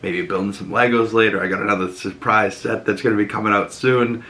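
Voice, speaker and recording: A young man hosting a casual vlog from home. His voice sits fairly low but sounds bright and forceful, and he talks in a loose, rambling way with lots of fillers. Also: steady tone, a little fast. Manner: rambling, chatty with many fillers. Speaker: host.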